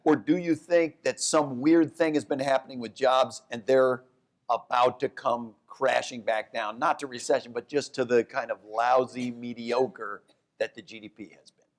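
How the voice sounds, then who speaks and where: A man, an economics professor, talking economics onstage at a live event, animated, often restarting his sentences. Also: moderate pace. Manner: animated storyteller, jumps to high voices for quotes; restarts and self-corrections. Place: downtown event hall with live audience.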